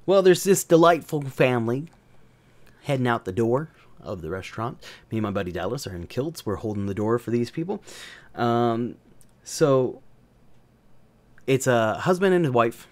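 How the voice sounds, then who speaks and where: A man's voice: mid-range voice, expressive, normal speed, long pauses. A man from the American South telling a story, crude and joking, rambling with many fillers. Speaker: gaming channel host. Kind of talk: casual storytelling.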